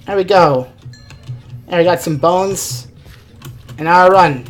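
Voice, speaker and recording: A woman's voice: fairly low pitch, takes it slowly, long pauses, slight background noise. A woman streaming a game live, rambling and thinking aloud, often exasperated at what happens on screen. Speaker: gaming streamer. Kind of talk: live let's-play commentary.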